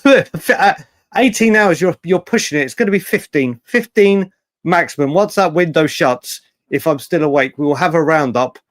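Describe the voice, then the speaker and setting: A man's voice: on the high side, no echo. A young man hosting a casual football live stream, bantering with viewers by name and laughing often. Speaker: livestream host.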